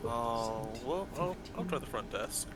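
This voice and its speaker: A man's voice: mid-range voice, lively intonation, measured pace, heavy background noise. A man playing in a tabletop game, talking hesitantly and swearing often. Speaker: player. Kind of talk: casual game chat.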